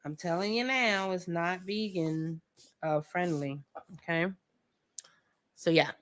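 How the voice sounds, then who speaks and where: A young woman hosting a casual painting tutorial at home, chatty and joking with viewers, often clearing her throat. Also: on the low side, takes it slowly. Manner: chatty, joking asides, talks to viewers as friends; frequent laughs and throat clearing. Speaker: art tutorial host. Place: home studio with a fan running.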